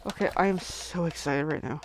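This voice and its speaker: A woman crafter chatting casually while making cards, gushing with excitement and slipping into whispers over cute things. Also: low voice, brisk, noisy background. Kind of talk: casual crafting livestream chat.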